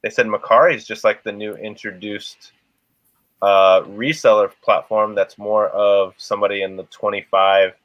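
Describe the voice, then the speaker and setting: Man, stream host; low voice, rambling casual chat, dry dull lo-fi sound. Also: fairly even intonation, normal speed, fairly bright tone, dry recording. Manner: rambling, conversational. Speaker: livestream host.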